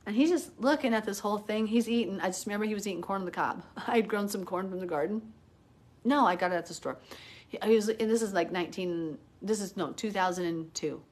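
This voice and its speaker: Hyper, chatty middle-aged woman teaching. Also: lowish voice. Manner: hyper, chatty storytelling full of "like"; earnest and emotional when retelling prayer. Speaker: Bible teacher. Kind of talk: live online Bible teaching.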